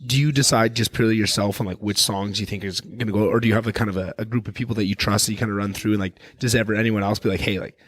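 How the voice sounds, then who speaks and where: Rambling podcast host, low voice. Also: male voice, very fast, hardly any pauses, no room sound. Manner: rambling, animated, swears freely. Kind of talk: casual podcast chat.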